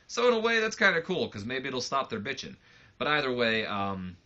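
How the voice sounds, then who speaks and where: A man's voice: medium pitch, animated, brisk, bright, forceful tone. A man giving casual let's play commentary on a wrestling game, rambling loosely with lots of fillers, on a slightly muffled mic.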